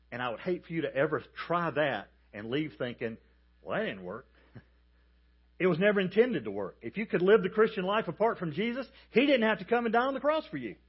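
Husky-voiced man preaching a sermon. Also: fairly high pitch, lo-fi sound. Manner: emphatic, animated storytelling with calls for the congregation to repeat. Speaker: pastor.

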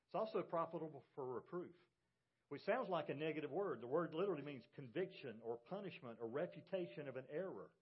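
A man's voice: on the high side, lively intonation, fast, slightly rough, highs cut off. A middle-aged man, a pastor, preaching a sermon with emphasis and putting rhetorical questions to his congregation. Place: church sanctuary.

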